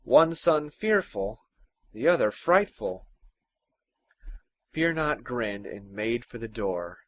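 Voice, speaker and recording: Theatrical male folktale narrator. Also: mid-range voice. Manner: expressive, theatrical. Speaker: storyteller.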